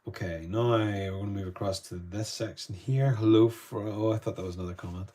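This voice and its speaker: A man's voice: lowish voice, brisk, dark tone. Chatty Northern Irish man painting live. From Northern Ireland. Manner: chatty, greets viewers while painting. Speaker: art tutor.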